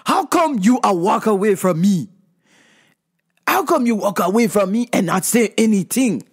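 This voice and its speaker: A woman voicing an indignant male customer who complains in halting, broken English. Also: medium pitch, expressive, slightly rough.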